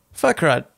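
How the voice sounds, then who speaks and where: A man hosting a podcast, reading a list aloud and laughing often in casual comedic chat. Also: bright, forceful tone. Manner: giggly, reads out a list, laughs a lot. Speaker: podcast host.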